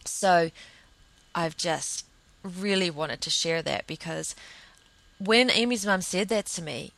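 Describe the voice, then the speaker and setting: A woman's voice: on the low side, slow pace, creaky, a bit bright, no room sound, rough recording. A young woman hosting a podcast, talking in a casual, reflective monologue that rambles earnestly through fillers and restarts. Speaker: podcast host.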